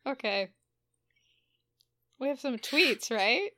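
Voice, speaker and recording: Slow-talking chatty woman. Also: high-pitched, expressive, pushed and bright. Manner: laughs often, chatty with many "like" fillers. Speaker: podcast co-host. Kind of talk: casual chat.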